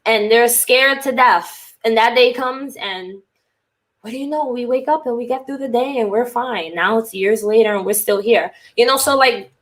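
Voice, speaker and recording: A woman's voice: on the high side, normal speed, a bit bright. A woman podcast host and cult recovery coach in a candid, rambling casual monologue who swears freely.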